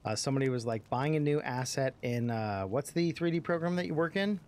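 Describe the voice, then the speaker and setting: A let's-play streamer with a medium-pitched, slightly mellow voice comments casually on his game at a fairly quick pace with lively intonation. He swears freely, rambles between jokes and puts on character voices, with slight background noise.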